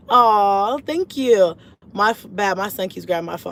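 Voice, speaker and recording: A woman hosting her own channel as a mom vlogger, chatting casually through a livestream and reading viewer comments in slangy, relaxed talk, often jumping high in pitch. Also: unhurried.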